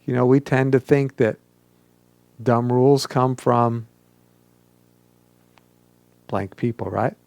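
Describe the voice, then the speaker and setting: Male pastor, gravelly tone, dry close sound; leads an interactive sermon and has listeners respond aloud. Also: medium pitch, takes it slowly, pauses often, a little mellow, no room sound. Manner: coaches the audience to speak aloud and mimics whiny questions.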